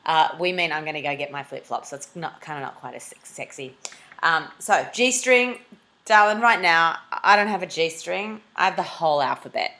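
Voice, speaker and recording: Lively, jokey Australian woman vlogger. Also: moderate pace. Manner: animated, jokey, swings into squeaky high voice. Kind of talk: comic confessional vlog.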